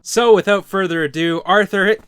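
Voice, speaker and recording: A man's voice: sits high, moderate pace, a bit bright, clear, resonant tone, no echo, faint music behind. A man delivering scripted comedic video game commentary, sarcastic and prone to swearing rants. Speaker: gaming video host.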